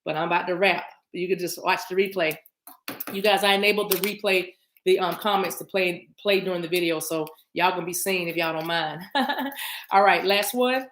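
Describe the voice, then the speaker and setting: A woman's voice: on the low side, moderate pace, a bit bright, slight background noise. A woman giving a casual livestream tarot reading, chatty and affectionate, often laughing as she talks to her viewers.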